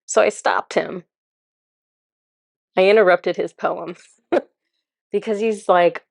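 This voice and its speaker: A spiritual channeler with a somewhat low voice tells a story directly to camera, chatty and amused, frequently breaking into laughter and sometimes dropping into a soft, breathy murmur. She speaks slowly with fairly even intonation and frequent pauses. The recording is close and dry, with no room sound.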